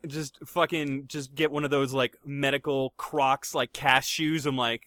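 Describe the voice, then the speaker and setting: A man's voice: medium pitch, flat delivery, unhurried, fairly bright tone, no echo. A young man co-hosting a podcast in casual chat, swearing often and stammering through restarts with sarcastic humor. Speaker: podcast co-host.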